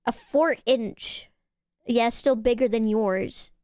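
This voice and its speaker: A young woman with a fairly high voice chats with her viewers on stream, teasing them and cursing freely as she reads their messages out. Her voice comes through a close mic in a dry room. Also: slow pace, smooth, no room sound. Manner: excitable, teasing, swears, reads chat aloud. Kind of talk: casual chat stream.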